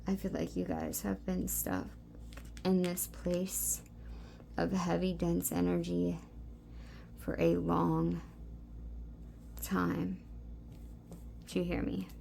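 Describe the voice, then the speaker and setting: A woman giving a soft, meandering spiritual card reading, talking intimately to her listeners with many fillers. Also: on the low side, flat delivery, takes it slowly, creaky, long pauses, slight background noise. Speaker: tarot card reader.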